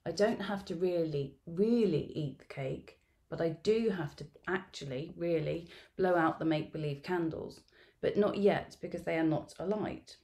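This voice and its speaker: A middle-aged woman researcher reading a field-note narrative aloud at an academic symposium, in a measured, reflective storytelling manner. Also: fairly low pitch, darkish tone. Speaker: education researcher presenting at a symposium.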